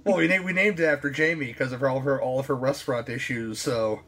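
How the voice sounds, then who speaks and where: A man chats loosely on a podcast, tripping over the first words of his sentences. His voice sits at an ordinary middle pitch. A faint hiss runs under the recording. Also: fast talker, a bit bright. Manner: rambling, repeats words when starting. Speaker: podcast co-host. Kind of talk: casual podcast chat.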